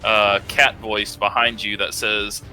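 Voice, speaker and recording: A man's voice: lowish voice, flat delivery, takes it slowly, pushed and bright, soft background music. A man playing a tabletop role-playing game, talking hesitantly with many fillers. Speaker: player.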